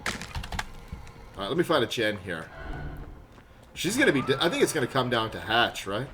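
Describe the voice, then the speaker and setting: A man from Canada, chatting excitably on a live gaming stream, laughing often and loudly greeting viewers. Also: mid-range voice, moderate pace, music in the background.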